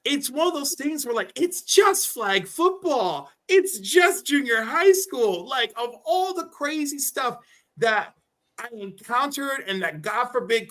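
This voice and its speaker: A man chatting casually on a stream, telling animated stories and acting out the people in them. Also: extremely high pitch. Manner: animated storyteller who acts out voices in his anecdotes. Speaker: guest on a collectibles stream. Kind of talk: casual chat, storytelling.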